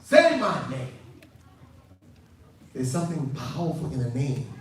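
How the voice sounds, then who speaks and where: A man from the United States, giving an animated youth lecture that acts out dialogue and builds to shouted emphasis. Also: medium pitch. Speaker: preacher. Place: large hall with audience. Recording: distant, echoey hall with faint noise.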